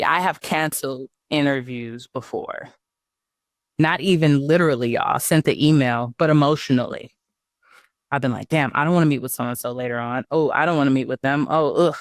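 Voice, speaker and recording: A man's voice: fairly high pitch, dry recording, clean studio sound. A man coaching business owners in a casual online teaching talk, conversational and often checking in with his listeners. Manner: conversational, often asks "right?" and says "y'all".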